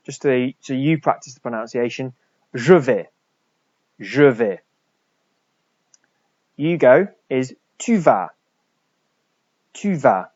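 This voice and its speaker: A man, a French teacher, talking through a recorded lesson for pupils and slowly repeating French words for them to copy. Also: medium pitch, darkish tone, no echo, highs cut off.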